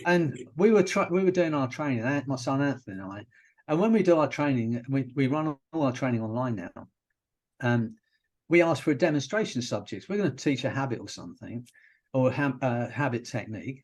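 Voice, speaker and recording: A man's voice: mid-range voice, expressive, fairly quick, a little mellow. British man, rambling hypnotherapist. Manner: rambling storyteller with restarts. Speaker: hypnotherapist guest. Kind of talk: casual interview chat.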